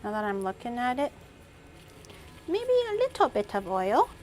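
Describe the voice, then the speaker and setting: A woman's voice: fairly high pitch, sing-song, normal speed, darkish tone, soft background music. A young woman chatting casually on a cooking livestream, thinking aloud and snapping back at her chat. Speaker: cooking streamer.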